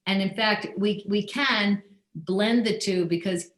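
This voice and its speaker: A woman hosting a book club interview over a video call, asking measured, prompting questions. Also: medium pitch, roomy sound, rough recording.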